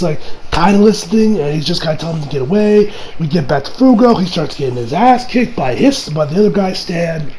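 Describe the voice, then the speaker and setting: A man with a hoarse, strained voice talks through an anime review in a loose, rambling way, swearing casually and restarting his sentences. His pitch sits a little high and moves a lot. A crowd murmurs behind him. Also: rough recording. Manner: rambling, profane, many restarts.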